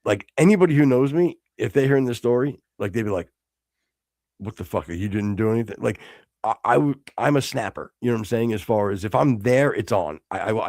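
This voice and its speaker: A man's voice: medium pitch, vocal fry, a little mellow, no room sound, clean studio sound. A man hosting a podcast, telling a heated, profane story in casual chat and acting out both sides of an argument. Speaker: podcast host. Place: studio.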